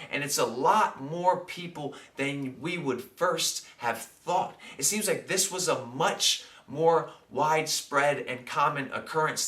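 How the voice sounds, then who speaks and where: A man's voice: medium pitch, bright, forceful tone. Chatty man, roomy distant sound. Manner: conversational, with many fillers and tag questions. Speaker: vlogger. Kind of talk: casual reflective monologue.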